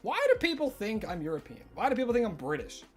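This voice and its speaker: A man's voice: sits high, huge pitch swings, fast talker. A young man from Tasmania with an Australian accent carrying a touch of American, chatting casually with his live-stream viewers and answering their chat in a self-mocking way. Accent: Australian with some American influence. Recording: faint music behind.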